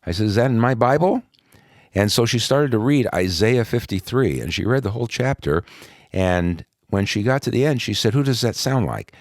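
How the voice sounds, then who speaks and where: A man with a very low, deep voice tells his personal testimony as a podcast guest. He is from New York and talks in an easygoing, conversational way, with plenty of "uh" fillers. The sound is close and dry. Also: expressive, normal speed, no echo. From New York, USA. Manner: conversational, with frequent "uh" fillers and soft laughs.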